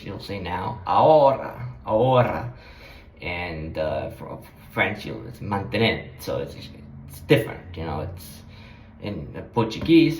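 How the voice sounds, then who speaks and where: A man's voice: lowish voice, a little hiss or hum. A man talking about languages in a casual, rambling way, hesitant, with many fillers and restarts. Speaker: language-learning vlogger. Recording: echoey room with faint background ambience.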